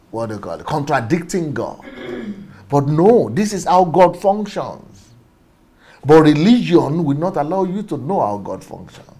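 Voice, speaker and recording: Husky man preaching with passion. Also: medium pitch, dark tone. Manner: emphatic, repeats phrases, chuckles often. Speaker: speaker on faith and systems. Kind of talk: passionate preaching-style talk.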